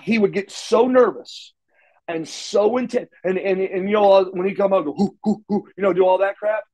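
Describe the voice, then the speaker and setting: Middle-aged man, raised in Oklahoma, slightly high voice, rambling storyteller, curses freely. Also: fairly even intonation, moderate pace, darkish tone, low-quality recording. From Oklahoma, USA. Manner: rambling, restarts often, salty language. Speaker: interview guest, former wrestler. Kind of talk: shoot interview storytelling.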